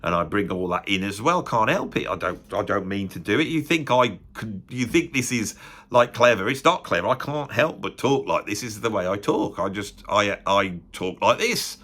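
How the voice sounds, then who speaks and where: A man's voice: on the low side, animated, normal speed, pushed and bright. Middle-aged west midlands guy rambling at his camera, self-mocking, lots of "isn't it" "don't you". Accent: West Midlands English. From West Midlands, England. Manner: self-deprecating, chatty, rhetorical tag questions. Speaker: music critic YouTuber and drummer. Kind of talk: rambling casual monologue to camera.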